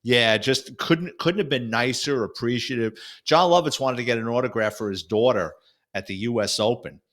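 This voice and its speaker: Man, retired detective, from New York, lively storyteller, middle voice. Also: medium pitch, normal speed. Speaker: guest, retired detective and author. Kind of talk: storytelling interview.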